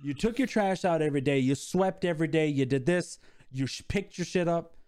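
A man co-hosting a podcast, telling stories in casual chat with lively energy. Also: brisk, smooth. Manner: animated storyteller, expressive pitch swings. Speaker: podcast co-host.

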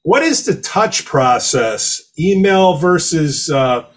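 A man who calls himself an old-school salesman, asking a direct, brisk question. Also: on the high side, lively intonation. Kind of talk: casual conversation.

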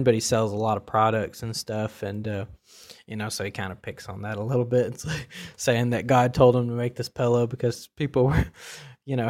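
A man casually commenting on comedy dubs, rambling with many fillers, restarts and chuckles. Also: fairly low pitch.

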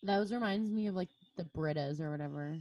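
A woman's voice: on the low side, dark tone, muffled recording, slight background noise. A young woman hosting a casual podcast chat, filling her talk with "like" constantly. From California. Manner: says "like" constantly, drawn-out filler-heavy talk. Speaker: podcast host.

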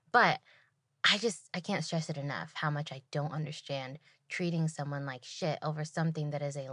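Sarcastic, animated woman host. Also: low voice, dry recording, clean studio sound. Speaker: podcast host. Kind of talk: solo storytelling rant.

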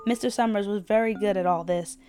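A woman podcast host reads a short story aloud with steady, measured storytelling. Her voice sits at a middle pitch. Faint music plays in the background.

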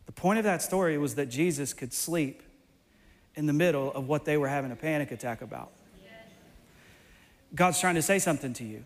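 A male preacher delivering a sermon in an animated, playful way, sometimes bursting into shouts. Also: on the high side, in a large hall.

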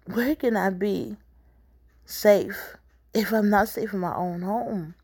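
A woman's voice: medium pitch, takes it slowly, a little mellow, husky. A woman, the author, reading her own book aloud in an intense, poetic, rhythmic spoken-word style.

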